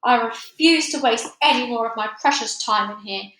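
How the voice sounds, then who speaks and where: A woman's voice: a little high, moderate pace, bright, forceful tone, roomy sound, far from the mic, low-quality recording. A woman doing a roaring, bullying headmistress. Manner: roaring, contemptuous. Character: bullying, furious headmistress, huge and loud.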